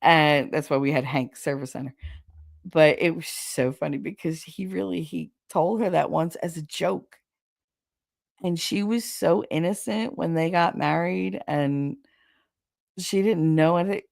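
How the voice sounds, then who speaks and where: This podcast host is a woman whose low voice carries vocal fry at a measured pace. Laughing frequently, she dishes out frank family gossip in a casual chat, and the studio-quality sound has no echo.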